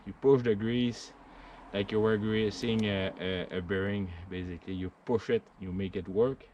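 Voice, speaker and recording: A middle-aged man with a French accent, explaining a hands-on chainsaw repair in a halting way, with many fillers and restarts. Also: lowish voice, steady tone, dull audio, slight background noise. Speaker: vlogger.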